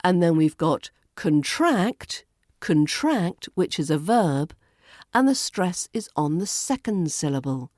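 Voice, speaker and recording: Brief: British RP woman, accent coach, low-pitched and unhurried, crisp playful delivery. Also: animated, a little mellow, no room sound, clean studio sound. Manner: slow, deliberate, playful enunciation. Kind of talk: pronunciation lesson.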